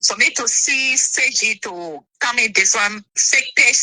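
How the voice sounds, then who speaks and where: A woman, an interview guest telling her side of a dispute in an indignant, animated way. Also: fairly high pitch, unhurried, dry recording, low-quality recording.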